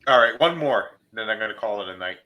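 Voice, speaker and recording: Bright-voiced man telling bar jokes. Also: quick pace. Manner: animated joke-teller, changes pitch for each character. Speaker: podcast host. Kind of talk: casual chat, telling jokes.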